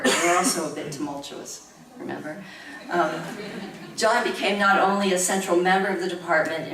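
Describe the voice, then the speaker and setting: A woman in her sixties, a professor, reads a reflective academic tribute talk filled with personal anecdotes, measured in pace and chuckling as she tells the stories. Her voice is low-pitched yet a bit bright. Recorded from far off in a roomy university lecture room, the audio has a little hiss or hum.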